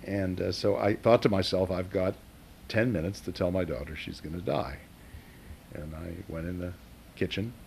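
A middle-aged man, a father, telling a family memory in a halting, emotional way with many hesitations. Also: sits low, vocal fry, a little mellow, a little hiss or hum. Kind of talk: personal storytelling interview.

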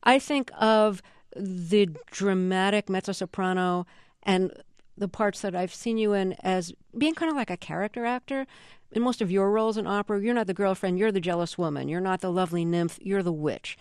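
A woman's voice: medium pitch, moderate pace, darkish tone, clear, resonant tone, no room sound, clean studio sound. A woman hosting an interview, asking curious questions with self-deprecating humor and easy laughter. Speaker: radio interview host. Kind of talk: interview conversation.

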